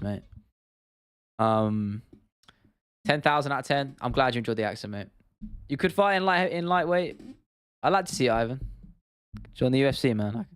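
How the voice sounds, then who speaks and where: Relaxed and chatty, a livestream host with a smooth, medium-pitched voice answers questions from chat, laughing along the way. The studio recording is clean, with no room sound.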